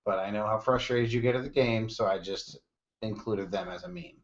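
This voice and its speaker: A man's voice: fairly low pitch, moderate pace. A man co-hosting a podcast in casual chat, telling jokes and stories with casual swearing. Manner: jokey storyteller, swears casually. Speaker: podcast co-host. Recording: dull lo-fi sound.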